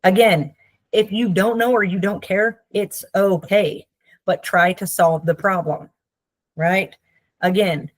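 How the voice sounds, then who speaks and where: Her pitch is medium and her intonation fairly even as she talks slowly, recorded without echo. A therapist with a laid-back, conversational way of teaching, she regularly asks "Okay?" and mimics quoted speakers with a playful touch.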